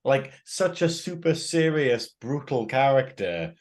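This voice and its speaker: A man from the north of England, co-hosting a podcast review in casual chat, chatty and quick to laugh. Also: medium pitch, big pitch swings. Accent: Northern English. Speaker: podcast co-host.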